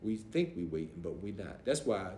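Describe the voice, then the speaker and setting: Animated middle-aged pastor telling stories. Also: male voice, deep voice, moderate pace. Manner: animated, acts out voices, casual dialect grammar. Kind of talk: storytelling in a podcast interview. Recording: roomy echo, faint noise.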